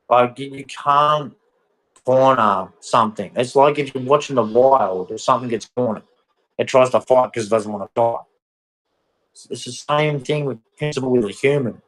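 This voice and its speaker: A man's voice: medium pitch, moderate pace, low-quality recording. A man ranting bluntly and repetitively in a casual vlog monologue. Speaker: vlogger.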